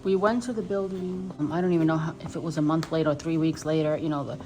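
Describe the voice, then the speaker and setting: A woman's voice: low voice, fairly even intonation, fast, loud music behind the voice. A New woman in her fifties tells a personal story on her doll vlog in a rambling, emotional way, full of restarts. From New York. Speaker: doll vlogger.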